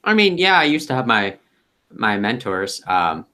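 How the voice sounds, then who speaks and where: A man's voice: fairly low pitch, big pitch swings, a little slow, pushed and bright, heavily acted. A man playing laid-back young fey Nino. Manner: rambling, hesitant, laid-back. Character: young easygoing fey tower dweller, aged fast.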